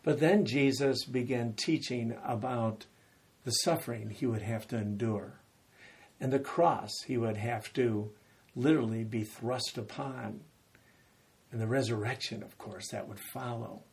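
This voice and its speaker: Slow, husky-voiced male preacher. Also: medium pitch. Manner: animated storytelling, acting out quotes with rising intensity. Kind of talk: sermon.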